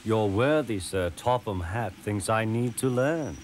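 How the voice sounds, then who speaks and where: Male narrator as a sly, arrogant cartoon diesel, slow and smug. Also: lowish voice, lively intonation, slight background noise. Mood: scheming. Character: boastful scheming male diesel engine.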